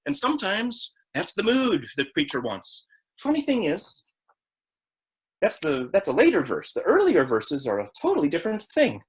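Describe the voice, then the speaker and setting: A man's voice: high-pitched, huge pitch swings, moderate pace, poor audio. A man presenting a lecture on old hymn tunes, breaking into sung phrases and counting out beats between explanations.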